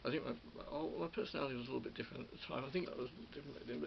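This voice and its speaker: Gravelly, halting Australian man reminiscing. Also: mid-range voice, lo-fi sound, slight background noise. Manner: halting, many restarts and repeated words, chuckling. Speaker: former radio studio producer. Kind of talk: rambling personal reminiscence.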